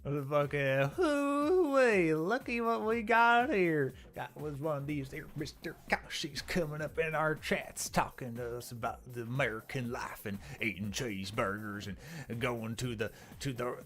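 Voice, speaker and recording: Brief: man doing a loud mocking Southern hick cowboy, high-pitched, thick drawl. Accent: exaggerated Southern US drawl, put on. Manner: hollering, drawling, mocking stereotype.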